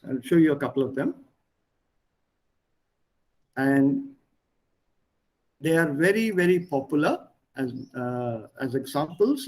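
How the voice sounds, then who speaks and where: Slow, husky-voiced male language teacher. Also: a little high, darkish tone, low-quality recording. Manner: patient explaining with pauses. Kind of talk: online language lesson.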